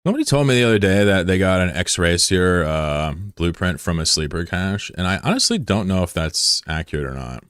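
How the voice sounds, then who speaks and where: A low-voiced man banters loosely with his stream chat while he plays. He jokes, swears freely and keeps a relaxed tone. His voice is dry and close, with no room sound. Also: fairly quick, few pauses, smooth, dry recording. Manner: joking, profane, laid-back banter. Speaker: game streamer. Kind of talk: casual live-stream chat with viewers.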